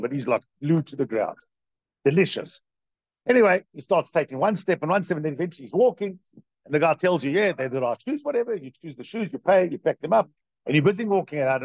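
A man gives a conversational religious class, his voice gravelly and lively as it swings up and down. He keeps asking his listeners questions and tells stories to make his point. The recording is dry and a bit dull and lo-fi. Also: a little high, no echo. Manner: talks straight to listeners with frequent questions. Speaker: teacher of a Jewish religious class. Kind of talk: conversational lecture with storytelling.

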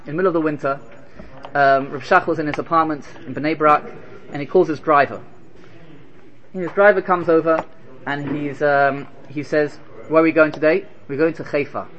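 A man giving an animated Torah lecture, firing rhetorical questions and telling stories. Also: on the high side, slight background noise. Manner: animated, rhetorical questions, Hebrew terms woven in. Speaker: Torah teacher.

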